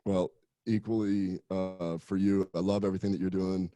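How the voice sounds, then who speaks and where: Male doctor guest, very low and mellow, friendly and unhurried. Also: flat delivery, dry recording, faint music behind. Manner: friendly, easygoing, many fillers. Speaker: gastroenterologist guest. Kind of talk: casual interview chat.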